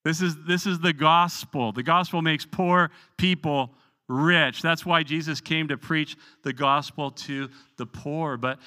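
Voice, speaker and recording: A man's voice: on the high side, pushed and bright, in a large hall. A man preaching an earnest Bible study sermon, emphatic and often repeating words as he goes. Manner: earnest, emphatic preaching with frequent word repetitions. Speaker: pastor. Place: church sanctuary.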